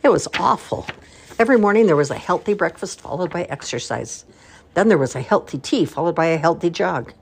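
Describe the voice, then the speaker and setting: An older woman reads a children's picture book aloud with an expressive, warm storytelling manner. Her voice is low and husky and rises and falls with lively movement. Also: fairly quick. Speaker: grandmother reading aloud.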